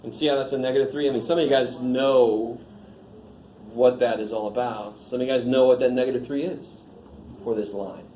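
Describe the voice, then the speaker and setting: Male math instructor, relaxed classroom lecture, mellow tone, echoey room with faint hum. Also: mid-range voice, fairly quick. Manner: joking, informal, asks the class questions.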